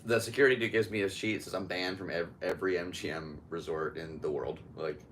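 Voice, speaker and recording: A man's voice: deep voice, fairly even intonation, fairly quick, fairly bright tone, a little hiss or hum. A man hosting a podcast, telling a story in casual chat, laughing often and acting out other people's lines. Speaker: podcast host.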